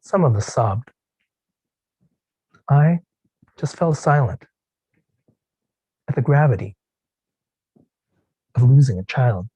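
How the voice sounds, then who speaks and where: A man telling a personal story on a contest stage, his voice rising and falling widely and dropping to a hush in tender moments. The tone is mellow and slightly husky, and the sound is dry and close. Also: medium pitch, dry recording, low-quality recording. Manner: expressive, with drawn-out pauses and hushed tender passages. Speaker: contest speaker. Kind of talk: dramatic storytelling speech.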